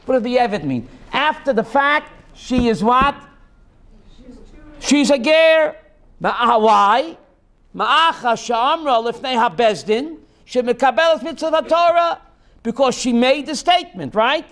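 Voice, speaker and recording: Very high-voiced rabbi quizzing his class. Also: lively intonation, unhurried, fairly bright tone. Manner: quizzes students by name, reads Hebrew text and translates. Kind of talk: classroom text study.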